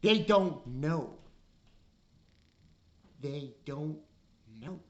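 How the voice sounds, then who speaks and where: Speaking through dull audio, this woman has a deep, darkish voice and draws her words out expressively. She's exasperated and rips into an anime episode in a casual review, her pitch jumping around while she curses and vents.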